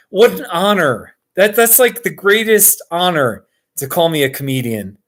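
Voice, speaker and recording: An American man on a live stream talks through his videos in a slow, unhurried way. His voice sits a little high, and he gets excitable as he goes, chuckling often. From Colorado, USA. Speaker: YouTuber hosting a live stream. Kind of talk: casual live-stream chat.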